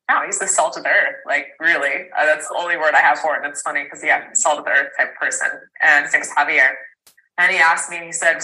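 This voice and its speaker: A woman's voice: sits low, pushed and bright, poor audio. A woman in her thirties, a podcast guest, tells a personal story candidly, rambling with fillers and restarts and an occasional swear word.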